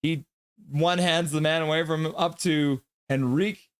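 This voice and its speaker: A man hosting a live reaction stream, chatting with viewers, reading their messages aloud, joking and laughing, and breaking into excited play-by-play calls. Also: a little high, normal speed, smooth. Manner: reads chat aloud, jokes and laughs often; bursts into excited goal calls. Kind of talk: casual live chat with play-by-play.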